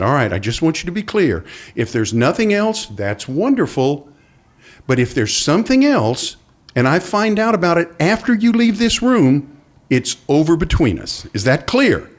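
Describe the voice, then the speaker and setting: A middle-aged man telling a personal story on stage, acting out the people in it. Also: on the high side. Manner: animated, acts out quoted voices. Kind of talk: live storytelling.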